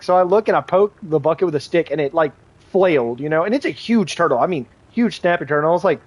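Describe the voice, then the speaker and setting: Young male gaming streamer, slightly high voice, loose and profane, rambling anecdotes. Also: lively intonation, quick pace, hardly any pauses, no echo. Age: young adult. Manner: rambling storyteller, swears freely, many fillers. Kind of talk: casual live-stream chat while playing.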